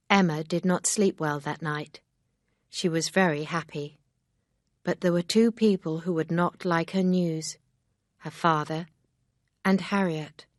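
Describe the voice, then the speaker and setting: A woman narrating a graded-reader audiobook in a calm, steady reading voice. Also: sits low, dry recording, clean studio sound.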